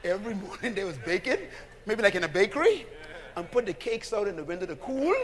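A man with a high-pitched voice preaches a sermon to a congregation at a fast pace. He's emphatic and animated, calling for responses and now and then shouting out a line.

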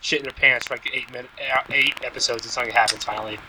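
Sarcastic male co-host with a bright tone who rants and swears in a relaxed chat. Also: medium pitch, very fast, a little hiss or hum, rough recording. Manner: sardonic, profane. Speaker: podcast co-host. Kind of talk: casual chat.

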